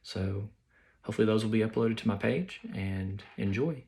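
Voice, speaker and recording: Brief: man with a lowish voice reading a book aloud to his students, plain and steady. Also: moderate pace, a little hiss or hum. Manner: plain, steady, small slips and restarts. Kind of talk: audiobook-style read-aloud.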